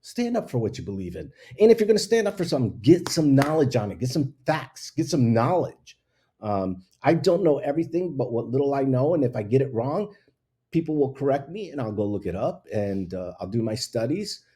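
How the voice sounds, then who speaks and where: A man's voice: medium pitch, sing-song, fairly quick, mellow, husky. A man hosting his own talk show, ranting bluntly in casual opinion talk and laughing at himself. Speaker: show host.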